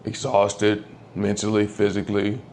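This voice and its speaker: A man telling the story of losing his old dog, candid and halting, often close to tears as his voice drops. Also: monotone, creaky, a little mellow, slight background noise. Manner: candid, halting, swears, voice drops low when upset. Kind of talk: emotional personal storytelling.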